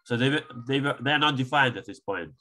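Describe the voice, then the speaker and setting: Man with a bright voice asking questions. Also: medium pitch, brisk. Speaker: audience member asking questions. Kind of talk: seminar question and answer.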